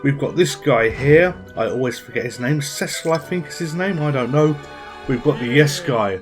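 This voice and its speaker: A man in a casual gameplay video, talking at an ordinary middle pitch as he works through tasks on screen. He thinks aloud in a relaxed, chatty way. Faint game music plays under his voice. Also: normal speed. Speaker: gaming channel host.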